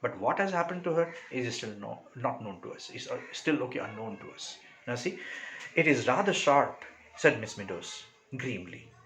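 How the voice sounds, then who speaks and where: A man with an Indian English accent, explaining a story to his class, checking in with "right?" after nearly every phrase and pausing on many "uh"s. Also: medium pitch, animated, fairly bright tone, rough recording. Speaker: teacher.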